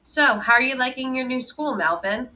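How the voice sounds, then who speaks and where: Woman reading a polite, good-natured man; bright, easy delivery. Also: sits high, lively intonation, moderate pace, pitched above the performer's own voice. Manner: friendly, easygoing. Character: good-natured adult man, mother's boyfriend.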